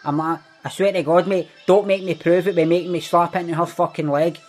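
This scripted comedy monologue features a man with a Glaswegian accent as a swaggering young Glasgow ned who brags through his stories and swears a lot. His fairly high voice is a little mellow and fairly even in intonation, moving slightly fast and lightly acted, with soft music underneath.

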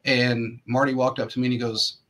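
A man's voice: mid-range voice, flat delivery, a little fast, a bit bright. A male host telling rambling sports anecdotes in casual chat, full of fillers and restarts.

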